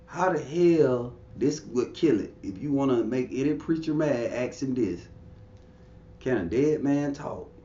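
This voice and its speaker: A man's voice: mid-range voice, lively intonation, a little slow, mellow, muffled recording. Blunt, profane man with a roomy sound. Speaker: interview guest. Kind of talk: casual conversational storytelling.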